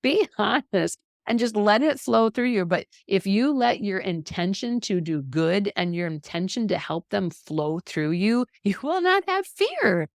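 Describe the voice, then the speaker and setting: A middle-aged woman giving an animated, encouraging faith-based health lesson, laughing often. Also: mid-range voice, unhurried, creaky, dry recording, studio quality. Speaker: health educator. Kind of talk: faith-based teaching talk.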